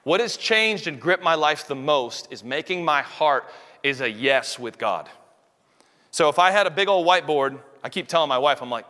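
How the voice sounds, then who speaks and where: Intense bright-voiced preacher man in a reverberant hall. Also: mid-range voice, moderate pace. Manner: intense, animated preaching with acted-out quotes. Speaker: pastor. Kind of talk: sermon. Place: church room.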